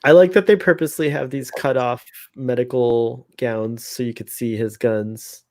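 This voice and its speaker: A man's voice: mid-range voice, fairly even intonation, normal speed, darkish tone, dry recording, studio quality. A man co-hosting a casual fan commentary, chatty, laughing often and rambling off into asides. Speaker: podcast co-host.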